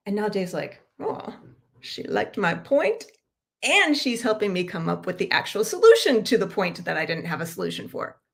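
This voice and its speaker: An upbeat middle-aged woman leads a livestreamed workshop on a computer mic. She talks with lively energy and acts out example phrases as she goes. Her voice sits at an everyday pitch for a woman, and she laughs often. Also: moderate pace. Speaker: workshop leader and trainer. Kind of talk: livestreamed coaching talk. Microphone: computer mic on a live stream.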